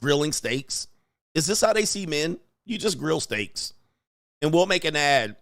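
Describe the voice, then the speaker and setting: Loud mocking man reacting to clips. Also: on the high side, very animated, a little slow, no room sound, clean studio sound. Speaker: commentary host. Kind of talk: casual reaction commentary.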